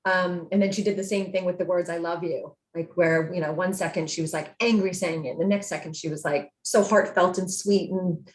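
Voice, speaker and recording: Woman cohost rambling in casual chat, lowish voice, echoey room. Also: fairly even intonation, a little fast, few pauses. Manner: rambling, many fillers and restarts. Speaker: co-host.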